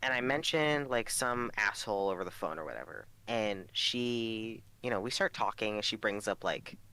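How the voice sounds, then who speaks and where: Bright-voiced young man rambling through stories. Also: on the low side, moderate pace, clean tone. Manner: rambling storytelling, heavy swearing, lots of fillers. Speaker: podcast co-host. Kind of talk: casual chat.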